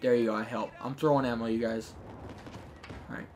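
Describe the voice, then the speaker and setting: A man giving jokey, chatty commentary over his own gameplay, breaking into shouts when things get tense. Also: medium pitch, steady tone, brisk, noisy background. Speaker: gaming YouTuber. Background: game gunfire.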